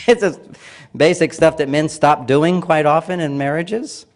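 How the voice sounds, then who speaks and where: A man giving a lecture-style talk, speaking emphatically with repeated phrases and acting out quoted voices. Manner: acts out quoted voices with raised pitch and emphasis.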